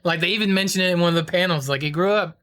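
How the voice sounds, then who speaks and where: Enthusiastic podcast co-host, bright voice. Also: mid-range voice, very fast. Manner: enthusiastic, profane, relaxed. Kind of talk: casual chat about comics.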